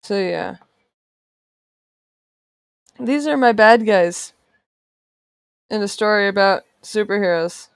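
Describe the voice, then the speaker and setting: A woman's voice: medium pitch, takes it slowly, vocal fry, long pauses, clear, resonant tone, dry recording, studio quality. A woman artist chatting casually while she draws on a livestream, playful and sarcastic, often laughing. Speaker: artist streamer. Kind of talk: casual chat while drawing on stream.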